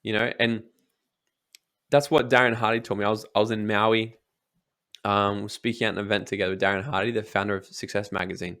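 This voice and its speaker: A man's voice: lowish voice, flat delivery, fairly quick, a bit bright. A young man speaking as a guest in an interview, giving emphatic motivational advice and swearing casually. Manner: emphatic, swears casually, acts out quoted voices.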